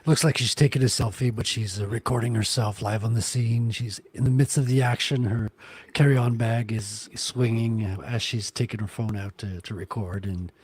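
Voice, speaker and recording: A man who is a comic artist, talking slowly and hesitantly as he describes his drawing in casual chat. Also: medium pitch, fairly even intonation, darkish tone, slightly rough, low-quality recording.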